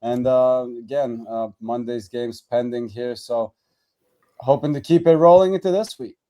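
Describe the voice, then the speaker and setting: A man's voice: mid-range voice, fairly even intonation, moderate pace, dark tone. A man who is a sports handicapper, talking in a laid-back way with many fillers. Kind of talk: casual betting talk.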